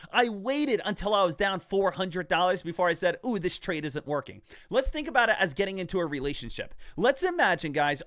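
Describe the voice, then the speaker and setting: A man teaching stock trading in a casual, energetic way, talking straight to his viewers and repeating phrases for emphasis. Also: high voice, no room sound, studio quality. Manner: energetic, talks straight to viewers as "guys" and "team". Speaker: stock trader and trading coach. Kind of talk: casual trading lesson over live charts.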